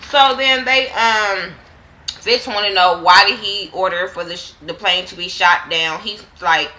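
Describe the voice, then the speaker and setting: A woman's voice: mid-range voice, measured pace, sharp tone, poor audio. A woman casually recapping a TV drama episode with slang and profanity, acting out the characters' lines in quotes. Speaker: TV show reviewer.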